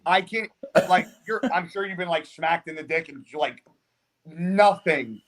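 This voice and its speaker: A young man, a guest on a podcast, tells a story in a casual, profane, animated way and often laughs mid-sentence. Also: fairly high pitch, a little slow. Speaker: guest, professional bodybuilder.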